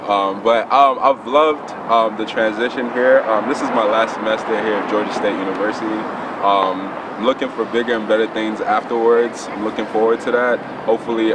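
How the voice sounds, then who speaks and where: A man's voice: on the low side, steady tone, moderate pace. A young man from Nigeria, a student, speaking hesitantly with many filler sounds in an interview. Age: young adult. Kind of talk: casual interview talk. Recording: distant mic, loud street noise.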